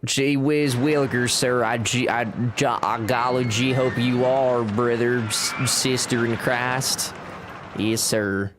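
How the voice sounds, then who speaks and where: A man's voice: mid-range voice, fairly even intonation, slow pace, noisy background, close to an everyday voice. A man voicing an overpolite, folksy Southern cowpoke who stammers through gee-whiz exclamations in a put-on Southern accent. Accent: put-on American Southern.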